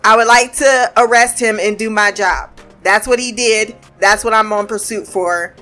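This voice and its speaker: A woman casually recapping a TV episode, animated and profane, acting out the characters' lines. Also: medium pitch, moderate pace, soft background music.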